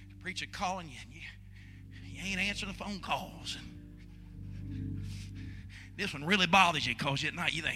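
Man, sermon, high voice, very bright tone, hushed stretches then shouted pleas, church music softly behind. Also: moderate pace, pauses often, big-room sound. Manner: swings from hushed storytelling to shouted pleading. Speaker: pastor. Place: church sanctuary.

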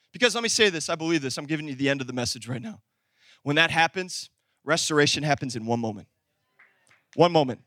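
A man preaching a sermon as pastor, animated, calling out to the congregation, then dropping into low conversational asides. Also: no echo, clean studio sound. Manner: talks to the congregation directly, conversational.

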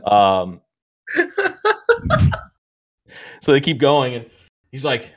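A man in casual podcast chat, retelling sitcom scenes with frequent chuckles and halting fillers. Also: mid-range voice.

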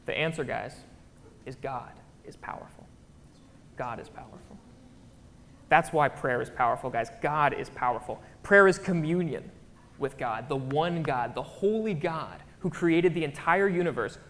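A man's voice: on the high side, fairly bright tone. Chatty preacher man in a reverberant hall. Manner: chatty, keeps checking in with the crowd. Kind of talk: casual conversational sermon. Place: church.

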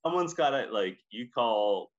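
A man from Scotland co-hosting a podcast, telling stories in a lively, chatty way full of "like". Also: medium pitch, measured pace, highs cut off. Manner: animated storytelling, lots of "like". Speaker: podcast co-host. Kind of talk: casual chat.

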